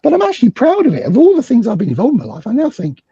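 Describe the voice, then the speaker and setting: A man's voice: huge pitch swings, racing, creaky, warm tone, slightly rough, no echo, lo-fi sound. A middle-aged British man telling a story as a guest, acting out the dialogue he quotes. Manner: acts out quoted dialogue with big swings in pitch. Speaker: guest psychologist. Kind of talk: animated storytelling in a conversation.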